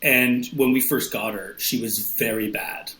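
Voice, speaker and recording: A man guesting on a podcast, chatting casually and telling animated stories, laughing often. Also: medium pitch, unhurried. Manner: animated storytelling, laughs often, acts out quotes. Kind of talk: casual chat. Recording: roomy echo.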